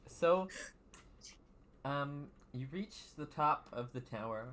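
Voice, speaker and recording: A man narrating as dungeon master of a tabletop game over an online call, halting and full of fillers. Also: a little high, expressive, fairly bright tone. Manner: halting, with frequent fillers and laughs. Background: background music.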